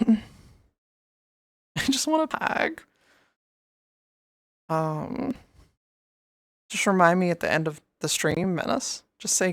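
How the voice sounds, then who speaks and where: A woman's voice: lowish voice, sing-song, slow pace, pauses often, no echo, studio quality. A woman streamer chatting casually and rambling, often breaking into giggles. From outside the US. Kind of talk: casual livestream chat.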